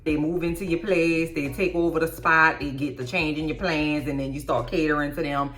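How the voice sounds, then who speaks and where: A woman's voice: low voice, steady tone, fairly quick, fairly bright tone. A woman hosting a casual show recap, blunt and profane, with mocking asides. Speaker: YouTube recap host. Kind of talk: casual reaction commentary.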